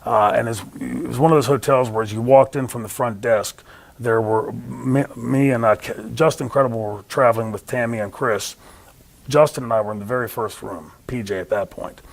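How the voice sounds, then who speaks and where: Man, gravelly voice, animated storyteller, interview guest, does quoted voices. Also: mid-range voice, normal speed.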